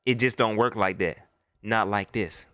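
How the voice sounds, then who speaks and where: A man's voice: fairly low pitch, fairly even intonation, moderate pace, pushed and bright, clear, resonant tone, no echo. A middle-aged man hosting a livestream, ranting animatedly about sports and greeting viewers in the chat by name. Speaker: host. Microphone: laptop mic.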